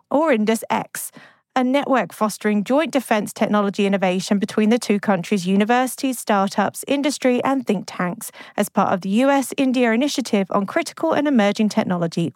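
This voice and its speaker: A woman co-hosting a news podcast, reading stories in a measured, clear newsreader manner. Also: fairly high pitch, darkish tone, dry recording. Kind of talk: scripted news reading with banter.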